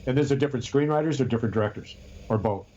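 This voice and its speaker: Chatting casually as a podcast co-host, this man rambles through stories with frequent restarts, speaking rapid-fire in a medium-pitched, warm voice. The audio is lo-fi with slight background noise.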